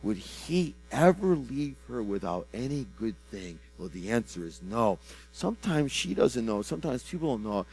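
Speaking a personal prophetic word over someone, this man repeats himself with fervor, his volume swinging between loud bursts and quiet, low drops as he stumbles and starts over. He sounds very animated at a normal speed, with soft music behind him on a low-quality recording.

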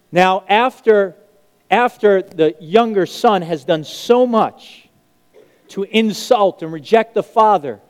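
A man preaching a sermon, telling a parable in an animated way and acting out the characters' lines. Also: high voice. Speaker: pastor. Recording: long hall reverb.

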